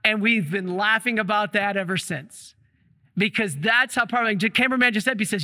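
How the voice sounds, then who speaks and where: Male priest, sermon, very high voice, animated storyteller, church reverb. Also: moderate pace.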